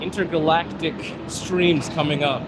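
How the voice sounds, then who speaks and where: A man's voice: fairly high pitch, fairly even intonation, unhurried. A man, live streaming outdoors on a city street into a phone, chatting in a rambling way and laughing often. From Zimbabwe. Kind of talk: casual live-stream chat with viewers. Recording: outdoor traffic noise.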